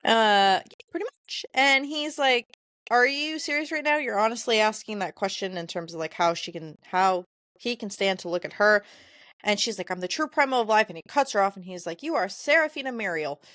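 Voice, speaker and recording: A woman on a podcast, reading quoted lines from a novel in a plain, conversational voice and stumbling now and then over hard names. Her voice sits at a middle pitch. The sound is dry and close. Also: a little fast, a bit bright, no room sound. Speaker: podcast co-host. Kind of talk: casual book discussion, reading passages aloud.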